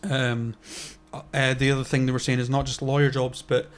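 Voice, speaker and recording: A man's voice: mid-range voice, little pitch movement, moderate pace. A man co-hosting a casual podcast chat, rambling with lots of fillers and restarts. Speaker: podcast co-host.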